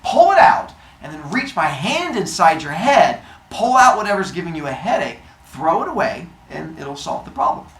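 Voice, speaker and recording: Woman doing a dorky inventor god guy, hesitant, bouncy pitch, roomy sound. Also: big pitch swings, moderate pace, few pauses, far from the mic. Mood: matter-of-fact. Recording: roomy echo, faint ambience.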